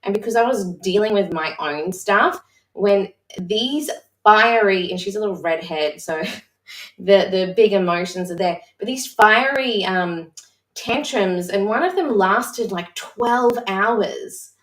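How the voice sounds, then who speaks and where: A mother leading a discussion session who talks in a candid, reflective, halting way with frequent restarts. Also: mid-range voice. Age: adult mother. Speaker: session facilitator. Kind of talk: personal sharing in a live-streamed discussion. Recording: roomy echo, voice far from the mic.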